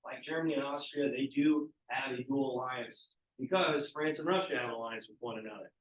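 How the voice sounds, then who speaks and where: Speaking a little fast at medium pitch, a male teacher gives his class a casual history lecture and asks students questions throughout. The recording is muffled, distant, and echoey, as in a classroom.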